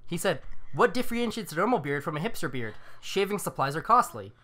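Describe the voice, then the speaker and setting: Animated man reading chat messages aloud. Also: fairly high pitch, fairly quick. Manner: animated, laughs between lines. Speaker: podcast co-host. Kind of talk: casual chat, reading out dating-app messages.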